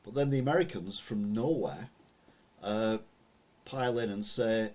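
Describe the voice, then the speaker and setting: Middle-aged brit guy, kinda husky low voice, rambling podcast chat w lots of ums. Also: moderate pace, a little mellow. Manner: rambling, frequent fillers and restarts. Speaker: podcast host. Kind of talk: casual opinion commentary.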